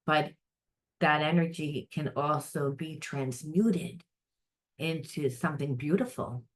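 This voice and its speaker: Blunt, low-voiced woman giving a reading. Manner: blunt and animated, swears freely, acts out quoted voices. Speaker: psychic tarot reader. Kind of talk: unscripted spiritual reading.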